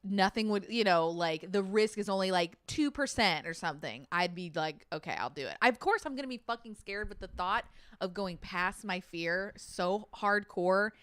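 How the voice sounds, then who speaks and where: A young woman co-hosting a podcast in casual chat, animated and swearing, often laughing as she tells stories. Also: mid-range voice, normal speed, clean tone, no echo, clean studio sound. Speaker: podcast co-host.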